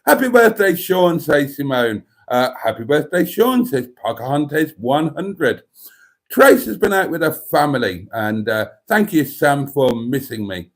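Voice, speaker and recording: Lively man hosting a livestream. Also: on the high side, unhurried. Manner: reads viewer comments aloud, chatty and jokey. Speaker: livestream host. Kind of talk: casual livestream chat.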